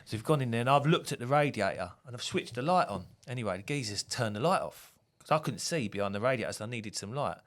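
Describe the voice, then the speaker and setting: A man's voice: mid-range voice, animated, quick pace, few pauses, a bit bright. A tradesman telling war stories from the job on a podcast. His voice swings up and down with plenty of life, and he swears freely and laughs through the punchlines. It's loose, casual chat.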